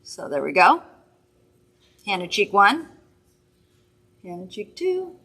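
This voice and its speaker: A woman's voice: mid-range voice, big pitch swings, slow, a bit bright, slightly rough. A woman hosting a live makeup demonstration from a studio, chatty, upbeat and reassuring as she works. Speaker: makeup host.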